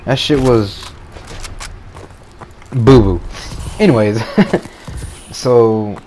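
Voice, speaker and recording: A man's voice: mid-range voice, very slow, dark tone, a little hiss or hum. Laid-back slangy young man telling a story. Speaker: gaming channel host. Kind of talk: casual storytelling over gameplay.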